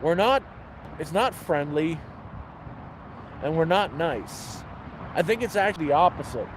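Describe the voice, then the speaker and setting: Blunt, profane man, higher voice. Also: expressive, measured pace, noisy background. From Canada. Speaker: homeless vlogger answering questions. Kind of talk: casual storytelling. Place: outdoors on a bench by a city street.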